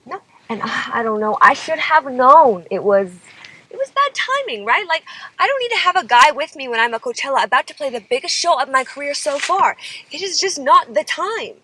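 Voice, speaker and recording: A woman's voice: high-pitched, sing-song, moderate pace, bright, forceful tone, a little hiss or hum, rough recording. A young woman singer telling a personal story in a dramatic, exasperated way, often saying "like" and "okay?". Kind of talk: confessional storytelling vlog.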